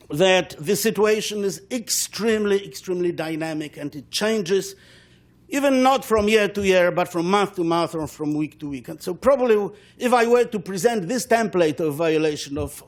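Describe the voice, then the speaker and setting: High-pitched guy on a law panel, measured academic talk, keeps repeating words mid-sentence. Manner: measured, repeats words while searching for phrasing.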